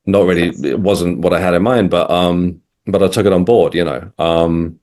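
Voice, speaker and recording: A man with a very deep, low-pitched voice, speaking as an interview guest in an easy conversational way. He is middle-aged and from England. He pauses often, restarts sentences and fills gaps with "um" as he works through a long personal account. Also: fairly even intonation, a little mellow. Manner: hesitant, restarts, many ums. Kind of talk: casual interview storytelling.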